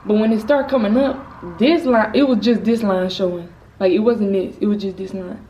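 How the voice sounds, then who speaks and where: A woman's voice: mid-range voice, moderate pace, highs cut off. A teenage girl, a vlogger, telling a personal story in a casual, rambling, candid way. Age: teens. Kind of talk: storytime vlog. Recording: slightly distant mic with faint noise.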